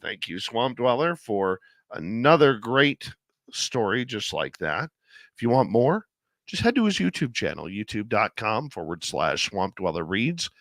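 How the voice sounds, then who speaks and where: Low-voiced male host with a cold. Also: very animated, a little slow, a bit bright, no room sound. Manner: chatty, rambling, with fillers. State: has a head cold. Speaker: radio show host. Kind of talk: casual chat.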